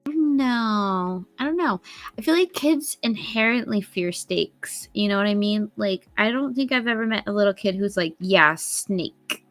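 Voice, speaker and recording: A woman's voice: medium pitch, normal speed, no echo, faint music behind. A woman chatting casually on a live stream as a guest, playful and giggly, teasing her viewers.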